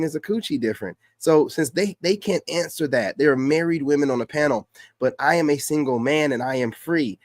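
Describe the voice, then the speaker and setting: A man's voice: on the high side, no echo, clean studio sound. A man giving brash, mocking casual commentary over a podcast clip, repeating himself as he reacts. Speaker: reaction streamer.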